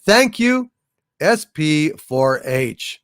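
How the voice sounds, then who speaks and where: A man's voice: fairly high pitch, big pitch swings, drawn-out words, clear, resonant tone, no echo, clean studio sound. A man hosting a casual livestream, chatting and thanking viewers for their messages. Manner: chatty and appreciative, thanks viewers warmly and often. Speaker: livestream host.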